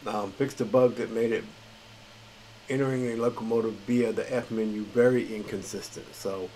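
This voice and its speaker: Man, low voice, tired, rambling casual game commentary, lots of fillers. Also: fairly even intonation, normal speed, mellow, slight background noise, poor audio. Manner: rambling, filler-heavy, chuckles at himself. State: tired late at night. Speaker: gaming channel host. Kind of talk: casual gameplay commentary reading patch notes.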